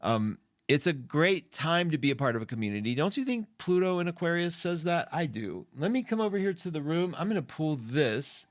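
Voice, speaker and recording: A man's voice: a little high, sing-song, brisk, few pauses, no room sound, studio quality. A middle-aged man hosting an astrology live stream from an indoor room, chatty and effusive as he greets viewers by name. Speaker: astrology show host. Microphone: studio mic.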